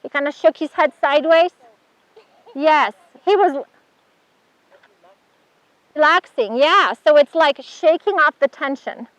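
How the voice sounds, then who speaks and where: A woman's voice: sits high, a little slow, long pauses, a bit bright, dry recording. A woman instructor giving a chatty hands-on horse handling demonstration, praising the horse as she works. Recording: dull dry sound.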